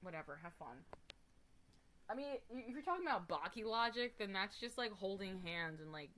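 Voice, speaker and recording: A woman's voice: medium pitch, expressive, a little fast, a bit bright, a little hiss or hum. A woman streamer chatting casually to her viewers, rambling and emphatic, with casual swearing. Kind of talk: casual live stream chat.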